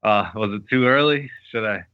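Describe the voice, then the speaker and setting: A man's voice: on the low side, moderate pace, no room sound, highs cut off. A man appearing as a podcast guest, teasing the listeners and mocking himself in casual chat.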